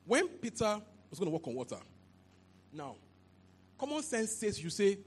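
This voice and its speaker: A man preaching a sermon into a handheld mic, animated and repetitive, often asking if the listeners understand. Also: sits high, moderate pace, long pauses, slightly rough. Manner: animated, repeats phrases, asks "you understand?". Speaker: pastor.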